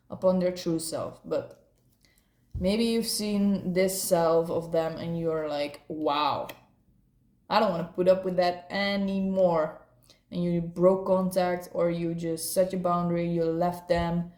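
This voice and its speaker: Slow, mellow woman reading cards. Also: on the low side, fairly even intonation, reverberant. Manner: playful, rambling, laughs often. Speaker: tarot card reader. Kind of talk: casual spoken card reading.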